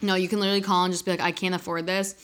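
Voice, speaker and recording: A young woman co-hosting a podcast, chatting casually with loose, profane, animated storytelling. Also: on the low side, racing. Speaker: podcast co-host. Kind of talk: casual chat.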